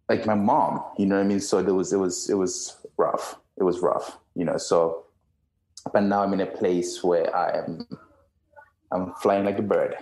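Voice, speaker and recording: A man's voice: deep voice, darkish tone. Earnest man talking in a roomy space. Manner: earnest, rambling, many restarts. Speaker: guest cohost. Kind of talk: casual podcast chat. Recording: roomy echo.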